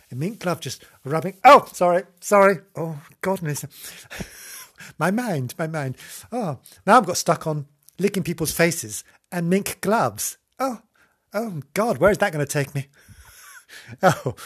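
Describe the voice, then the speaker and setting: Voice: mid-range voice, husky. A host giving a rambling, theatrical comic monologue, giggling, mocking themself and drifting off on tangents.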